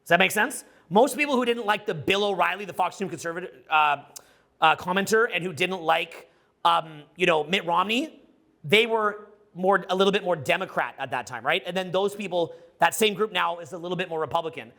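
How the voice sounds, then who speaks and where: A middle-aged man giving a casual, profane, rambling talk to a live audience as a social skills coach, loud and excitable. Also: high voice, fairly quick.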